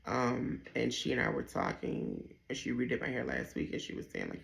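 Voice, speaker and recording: A young man candidly telling his personal story, hesitant, with many pauses and restarts. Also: mid-range voice, wildly swooping pitch, gravelly, a bit bright. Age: young adult. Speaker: vlogger sharing his dialysis story.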